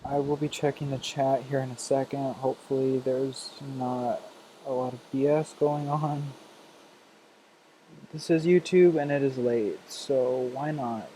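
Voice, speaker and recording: Sassy young man, mellow voice. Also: medium pitch, steady tone, measured pace, slight background noise, rough recording. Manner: sassy, playful, dramatic asides. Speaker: Sims gameplay streamer. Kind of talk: casual live-stream chat over gameplay.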